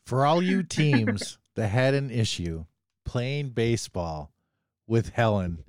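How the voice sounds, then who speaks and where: A man's voice: mid-range voice, animated, slow, a little mellow, no echo, clean studio sound. A man hosting a podcast, chatting in a playful, mock-dramatic way. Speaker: podcast host. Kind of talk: casual chat.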